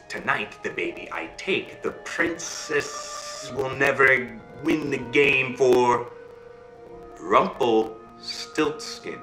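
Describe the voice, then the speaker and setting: A man voicing a sly, gloating little male imp in a told fairy tale, low and quiet. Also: echoey room, poor audio.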